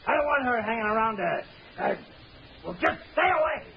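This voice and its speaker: A drunken middle-aged father in an old radio play, snarling and threatening. His voice sits high and gravelly, and the old recording is dull and hissy. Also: expressive, fairly quick, full character voice. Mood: angry. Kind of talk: radio drama acting.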